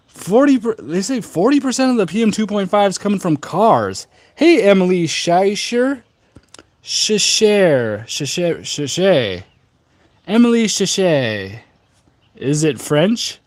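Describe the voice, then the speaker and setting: A man's voice: fairly high pitch, no room sound. A man hosting a casual tea livestream from a rooftop, talking in a rambling, chatty way full of fillers. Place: outdoor rooftop.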